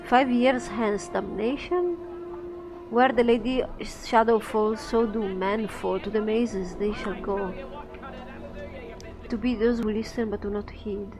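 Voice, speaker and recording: A woman's voice: medium pitch, slow, over music. A woman voicing a grim woman prophet who proclaims doom in an ominous, declaiming way.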